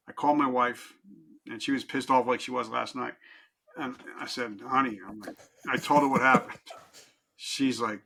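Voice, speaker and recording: A middle-aged man telling his own story as a podcast guest, candid and intense, swinging from loud to hushed. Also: mid-range voice. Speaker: podcast guest, life coach. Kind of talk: emotional personal storytelling.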